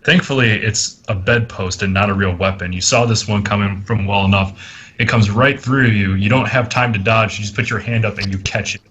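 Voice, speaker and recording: Husky, low-voiced man as game master, narrating a tabletop game in a loose, joking way. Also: steady tone, normal speed, fairly bright tone, lo-fi sound. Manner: casual, joking, laughs at the table.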